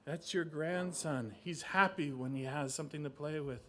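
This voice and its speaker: Quiet calm daughter pleading softly, man voicing her in a story. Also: fairly high pitch, moderate pace, slight background noise. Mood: gentle. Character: calm young mother pleading with her father.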